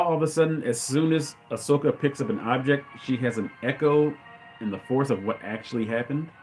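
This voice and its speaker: A man giving opinionated, ranting fan commentary as a channel host, with loud outbursts. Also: mid-range voice. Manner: ranting, exclaims loudly.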